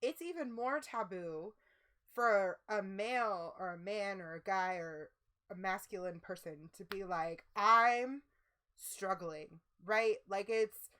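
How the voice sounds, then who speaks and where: A woman talks casually as co-host of a livestream. Her speech rambles and circles back, full of "like" and "you know." Her voice sits at an ordinary middle pitch. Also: a little slow, a bit bright. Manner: rambling, heavy use of "like".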